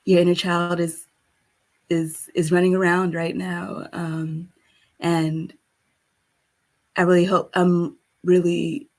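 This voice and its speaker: A woman guest speaker closing her session, soft-spoken and halting, with many fillers. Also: lowish voice, poor audio. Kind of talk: closing a virtual summit session.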